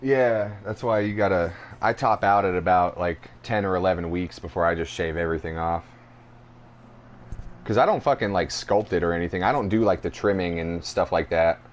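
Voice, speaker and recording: A man with a very deep voice chats on a casual podcast. He teases his co-host with short, dry replies. A faint hiss sits under the recording. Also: normal speed. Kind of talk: casual chat.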